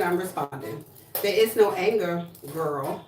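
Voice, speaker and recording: A woman's voice: mid-range voice, lively intonation, measured pace, recorded from a distance, slight background noise. A woman from New Jersey chatting casually on a livestream, sassy and blunt with plenty of swearing. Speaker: livestream host. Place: home room, indoors. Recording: echoey room, voice from off-mic.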